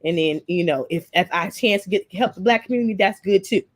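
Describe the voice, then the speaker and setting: A woman's voice: mid-range voice, fairly quick, dry recording. A woman hosting a live stream, talking emotionally and tearfully, with many repeats and stammers. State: emotional, recently crying.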